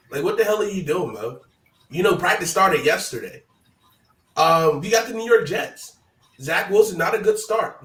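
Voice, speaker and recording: A man hosting a casual sports talk stream, his voice hoarse, talking in a loose, hyped-up, chatty way. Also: a little high, fairly bright tone, roomy sound, distant mic, rough recording. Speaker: host.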